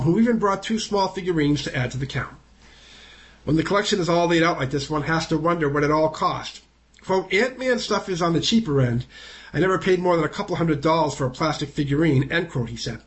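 A man reading a newspaper feature aloud, with lively lifts in his voice for quotes and the numbers he counts out. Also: on the high side. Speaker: reader of a news feature.

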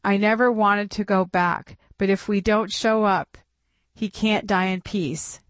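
A woman's voice: mid-range voice, steady tone, unhurried, no room sound, lightly acted. A woman reading as a glum old father. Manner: glum, subdued. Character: grieving elderly Greek immigrant father, glum.

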